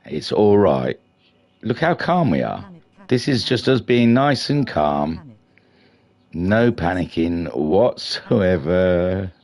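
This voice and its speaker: A low-pitched, slightly mellow male voice delivers slow but very animated commentary on a racing league live stream. The middle-aged host is chatty and self-deprecating, and he gets a bit flustered.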